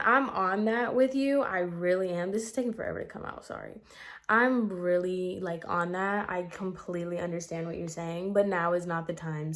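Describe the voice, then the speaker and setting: A young woman chatting casually to camera while doing her makeup, telling a story with lots of "like" and quick asides. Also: medium pitch. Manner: chatty, animated, filler-heavy with lots of "like". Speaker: beauty vlogger.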